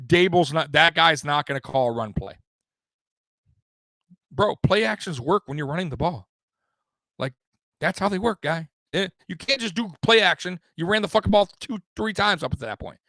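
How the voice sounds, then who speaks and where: Swearing sports host, dry close sound. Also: male voice, a little high, lively intonation, normal speed, no room sound. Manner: profane, swearing freely; rambling, with restarts and loud bursts. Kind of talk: casual live-stream sports talk.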